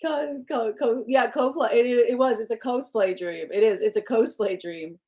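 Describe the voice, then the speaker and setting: Woman, live-stream tarot host at home; casual, chatty, quick to laugh. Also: on the high side, warm tone. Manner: chatty and loose, laughs often, restarts sentences. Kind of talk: casual live-stream chat, reading viewer comments. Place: at home with her pet nearby.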